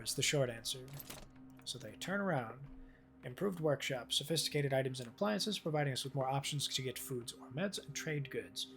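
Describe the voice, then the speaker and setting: A man's voice: mid-range voice, brisk. A man streaming a video game, chatting casually, thinking aloud and swearing freely as he plays. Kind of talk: casual gameplay commentary. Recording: game music playing behind.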